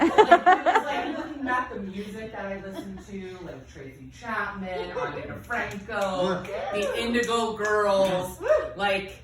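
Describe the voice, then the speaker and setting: A woman in her thirties doing a live stand-up comedy set, chatty and self-deprecating, with lots of fillers and asides. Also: medium pitch. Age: 30s. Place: comedy stage before a laughing audience. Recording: roomy live venue mic with distance and crowd laughter.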